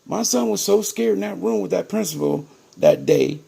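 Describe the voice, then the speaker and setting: A middle-aged man from Ohio with a gravelly, husky voice that sits a touch high for a man talks straight to camera in a casual monologue. He's emphatic and repetitive, calling his viewers "people" and circling back to points as he tells his story, at a moderate pace with a warm tone.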